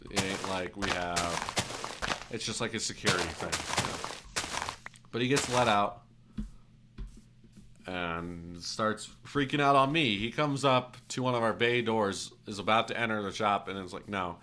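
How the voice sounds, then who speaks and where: A man's voice: fairly low pitch, unhurried, pauses often, background noise. A man streaming a game while telling a rambling, self-correcting story in casual, occasionally profane speech.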